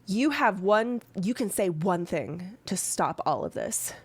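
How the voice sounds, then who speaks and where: A woman running a tabletop game as dungeon master, lively and chatty, breaking into laughs. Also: medium pitch, slow, husky.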